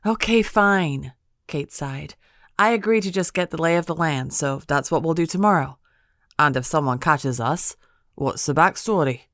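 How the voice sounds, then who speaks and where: A woman voicing an eager, playful young American woman who talks in a bright, lively way. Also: low voice, moderate pace, no room sound, clean studio sound. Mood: resigned.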